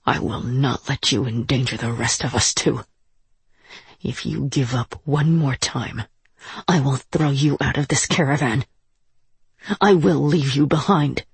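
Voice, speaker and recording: A storyteller voicing a fierce, stern woman leading a caravan, speaking low and firm in a breathy voice. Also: normal speed, dry recording, full character voice. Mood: threatening.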